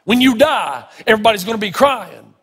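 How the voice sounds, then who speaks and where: A man voicing an older preacher who delivers a solemn warning in a slow, heavy manner. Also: sits high, animated, fairly bright tone, breathy edge, long reverb tail, heavily acted.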